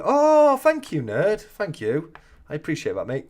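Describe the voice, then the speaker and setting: A man's voice: mid-range voice, sing-song, normal speed, a little mellow. Chatty man hosting a livestream. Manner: chatty, joking, reads out viewer comments. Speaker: host of a coin-collecting live chat. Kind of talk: casual livestream chat.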